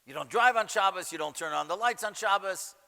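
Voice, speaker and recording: High bright-voiced rabbi in echoey hall. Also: male voice, fairly quick, vocal fry. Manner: animated storyteller acting out dialogue. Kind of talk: storytelling lecture.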